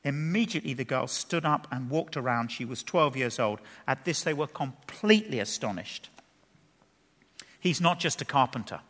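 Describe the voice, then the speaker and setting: A man preaching an expository sermon in a church hall. He is lively, asks the audience questions and drops playful asides. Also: a little high. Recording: long reverb of a large hall.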